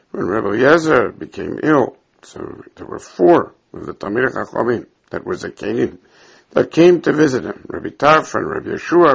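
A man's voice: fairly high pitch, vocal fry, fairly bright tone, breathy edge, lo-fi sound. A man teaching a Talmud class who reads passages aloud, explains them in English, and acts out the quoted speakers. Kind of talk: Talmud class, reading and translating.

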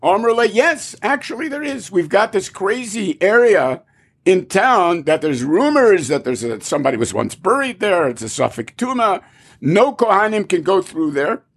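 Husky high-ish guy telling a talmud tale, swoops up and down a lot, acts out the rabbis. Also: moderate pace. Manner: animated, acts out characters' lines. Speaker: Torah teacher. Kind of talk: storytelling Talmud class.

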